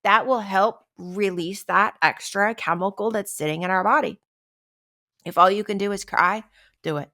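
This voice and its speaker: Bright and forceful, her medium-pitched voice moves at a moderate clip as she hosts a laid-back wellness podcast. She dramatizes ordinary stressful situations and often tosses in "right?"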